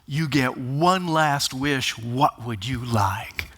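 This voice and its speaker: A man telling a joke, putting on the voice of a stern Texas jailer who speaks slowly and matter-of-factly. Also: mid-range voice, fairly bright tone. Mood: gruff.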